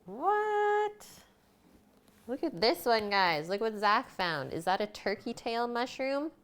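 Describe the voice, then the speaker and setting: Cooking in her kitchen during a live stream, a woman chats casually with viewers and replies to them by name. Her mid-range voice has lively intonation and a fairly bright, clean tone, moving at a measured pace.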